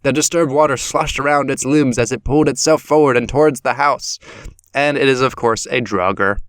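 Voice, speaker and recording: A man hosting a podcast, casually retelling a story in an animated way and swearing now and then. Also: medium pitch, moderate pace, no room sound, clean studio sound. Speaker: podcast host.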